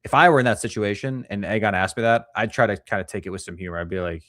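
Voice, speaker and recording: A man co-hosting a casual show review, excitable and profane, breaking into loud outbursts. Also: lowish voice, fast talker, dry recording, clean studio sound. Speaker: podcast co-host. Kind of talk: casual chat.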